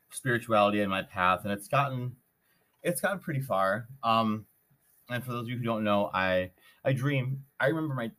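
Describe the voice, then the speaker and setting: A man's voice: lowish voice, sharp tone. A man hosting a podcast, telling a story in a rambling, casual way with many restarts. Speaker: podcast host.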